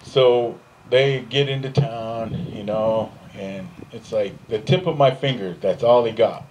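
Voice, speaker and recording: A man doing stand-up comedy, telling a long story on stage and jumping into high, put-on voices for the other people in it. He laughs often at his own jokes. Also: a little slow, darkish tone, muffled recording, slight background noise. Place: stage in front of a live audience.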